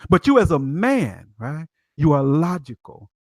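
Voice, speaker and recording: A man's voice: a little high, sing-song, measured pace, a little mellow, no echo. A man hosting a live stream, preaching with emphatic rhetorical questions. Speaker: livestream host. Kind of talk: preachy livestream talk.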